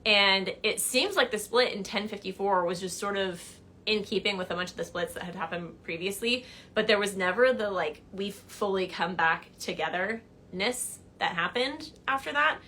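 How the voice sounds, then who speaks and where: A woman's voice: mid-range voice, normal speed, pushed and bright. A woman hosting a casual livestream, answering viewer questions in a chatty way with many "like" and "um" fillers. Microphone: phone or laptop mic on a livestream.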